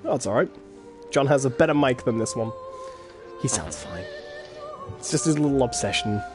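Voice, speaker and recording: A man co-hosting a podcast in casual chat, teasing with quick jokes. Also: medium pitch, animated, over music. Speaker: podcast co-host.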